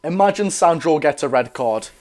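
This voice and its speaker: A young man with a Geordie accent hosting a live football watch-along, chatting excitably with viewers while chesty and coughing. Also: on the high side, normal speed. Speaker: football fan channel host.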